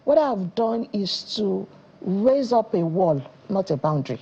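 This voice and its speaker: A woman's voice: mid-range voice, moderate pace, husky, muffled recording. A woman in her thirties from Nigeria, a parenting educator who tells stories and acts out the lines she quotes on a studio talk show. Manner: animated storyteller, acts out quotes.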